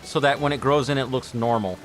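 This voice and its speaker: A man's voice: mid-range voice, fairly quick, faint music behind. A man in his late thirties streaming a game, chatting casually and rambling into practical advice. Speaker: gameplay streamer. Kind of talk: casual chat over gameplay.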